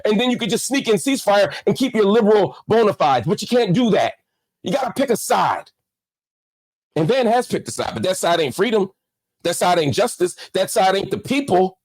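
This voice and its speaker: A man's voice: high-pitched, expressive, fairly quick, no room sound, poor audio. A middle-aged man giving impassioned commentary as host, indignant and firing off rhetorical questions.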